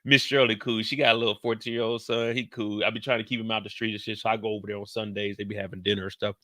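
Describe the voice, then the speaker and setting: Male recap host, unhurried, slangy storyteller, crisp edge, no room sound. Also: on the low side, no room sound, clean studio sound. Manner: slangy, animated, quotes characters in put-on voices; talks slower than in his live streams.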